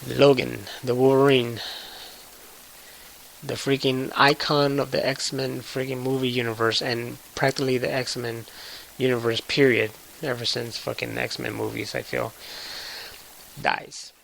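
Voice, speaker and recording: A man with a gravelly, creaky edge to his mid-pitched voice, telling a movie's story in a loose, profane, excitable way. Faint hiss sits under the recording. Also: measured pace, low-quality recording. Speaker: movie reviewer. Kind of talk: casual spoiler recap.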